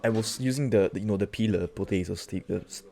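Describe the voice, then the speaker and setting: A young man talks in a casual, rambling monologue, cursing freely and restarting his sentences. His voice sits a little low, and his storytelling wanders. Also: fast, creaky, warm tone. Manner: rambling, profane, many restarts and fillers. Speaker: cooking vlogger.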